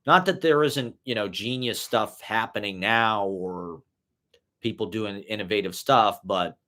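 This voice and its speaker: A man's voice: fairly low pitch, unhurried, pushed and bright. A young man musing in a loose, casual monologue, swearing freely and padding his talk with "like" and "you know". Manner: loose, profane, full of "like" and "you know" fillers. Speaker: vlogger.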